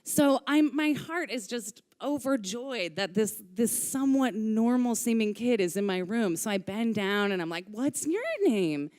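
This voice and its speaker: A woman telling a personal story live on stage into a microphone, candid and lively, swearing casually. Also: fairly high pitch, moderate pace, hardly any pauses. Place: stage of a live music venue.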